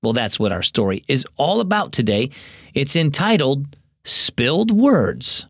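A man's voice: medium pitch, big pitch swings, unhurried, fairly bright tone, no room sound, clean studio sound. A man hosting a children's devotional radio show, narrating a story and teaching in a scripted way.

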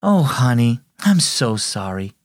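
A caring aunt from a storybook, speaking gently and reassuringly to her niece. A man reads her on a dry, close mic. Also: mid-range voice, sing-song, a little slow, dry recording. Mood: gentle.

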